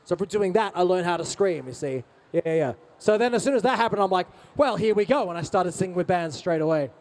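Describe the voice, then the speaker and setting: A man's voice: sits high, lively intonation, quick pace, darkish tone. A man answering fan questions on a convention stage, playful and teasing, slipping in Japanese phrases. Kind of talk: lively stage Q&A banter.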